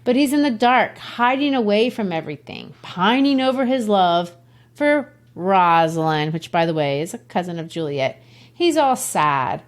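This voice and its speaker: A Brazilian woman, a literature teacher and podcast host, explains a classic play in a chatty, conversational lesson full of asides. Her mid-range voice swings widely in pitch, and she talks at normal speed.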